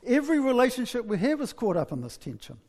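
A man's voice: very high-pitched, big pitch swings, fast, a little mellow, in a large hall. A man in his sixties preaching a sermon in a conversational, wry, storytelling way.

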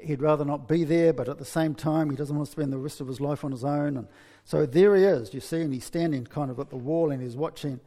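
A man preaching a sermon, telling a story with many restarts and lively asides. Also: fairly high pitch, brisk, in a large hall.

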